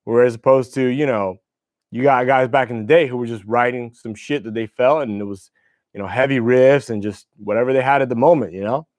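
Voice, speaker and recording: A man's voice: mid-range voice, a little fast, darkish tone, no room sound. A young man hosting a livestream, telling rambling, profane stories about guitars in casual chat. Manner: loose, profane, rambling storytelling. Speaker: livestream host.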